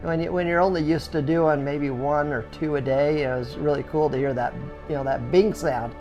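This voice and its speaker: A middle-aged man who owns a skateboard business, telling his story casually with lots of fillers and restarts, and animated sound effects. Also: fairly high pitch, moderate pace, muffled recording, music in the background. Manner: chatty, full of "you know" fillers and restarts; animated, acts out sounds and reactions.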